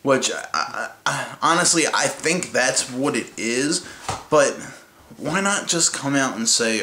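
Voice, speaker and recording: A man's voice: mid-range voice, animated, takes it slowly, pushed and bright. Angry fan vlogger, male, swearing rant, roomy echo, faint hiss. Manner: profane, heated, mocking. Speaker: sports fan ranting. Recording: echoey room with faint noise.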